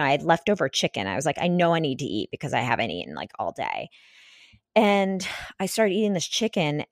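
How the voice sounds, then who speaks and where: A woman's voice: low voice, no echo, clean studio sound. A woman in her thirties hosting a casual solo podcast, telling a personal story in a chatty way, with many fillers and restarts. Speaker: podcast host.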